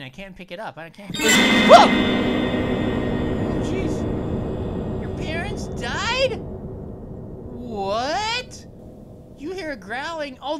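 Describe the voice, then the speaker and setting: A woman hosting a let's play, chatting casually and jumping at every scare. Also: fairly high pitch. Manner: excitable and easily startled, chatty. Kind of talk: casual gameplay commentary.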